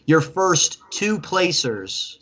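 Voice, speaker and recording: A man's voice: on the high side, big pitch swings, very slow, a bit bright, dull audio. A man hosting a casual live-stream interview, chatty and enthusiastic, often repeating himself. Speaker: host.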